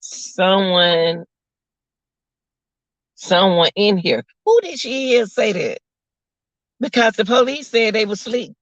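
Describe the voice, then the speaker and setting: A man's voice: high-pitched, lively intonation, slow pace, pauses often, fairly bright tone, no room sound. A man giving casual live commentary to his viewers from work, sounding incredulous and repeating his phrases as he talks to the audience. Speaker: commentary vlogger. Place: at work, away from home. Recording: dull lo-fi audio.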